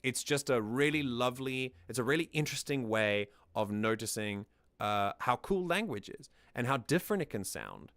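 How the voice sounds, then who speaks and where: A man's voice: mid-range voice, animated, moderate pace, a bit bright, dry recording. Male host, casual music analysis, mid-range voice, dry sound, thoughtful and explanatory. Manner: thoughtful, explanatory, often restarts mid-sentence; sings lines back to demonstrate.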